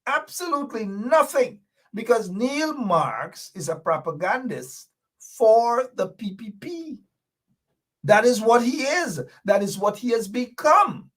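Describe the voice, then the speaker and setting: A man's voice: high-pitched, sing-song, slow pace, husky. A man with a Guyanese accent hosting a radio show, delivering fiery, emphatic political commentary with lots of repetition.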